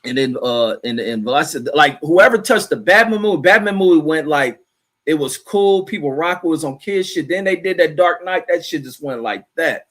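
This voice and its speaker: A man's voice: a little high, expressive, normal speed, a bit bright. A middle-aged man chatting casually on a livestream from home. He rambles in a loose, profane way, reading viewer comments aloud and riffing on them. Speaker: livestream host reading chat.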